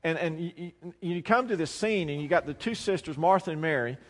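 A man preaching a sermon, swinging between quiet, low passages and loud, emphatic lines. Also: expressive, fairly quick. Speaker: pastor. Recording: long hall reverb.

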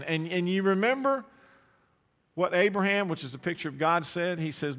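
High-voiced bright preacher in a reverberant hall. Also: male voice, moderate pace. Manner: preaching with rhetorical questions to the congregation. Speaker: pastor. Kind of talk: sermon. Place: church sanctuary.

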